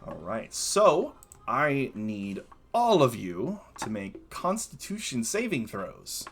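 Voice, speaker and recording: A man narrating as game master in a relaxed way, with many fillers and chuckles. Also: medium pitch, takes it slowly, faint music behind.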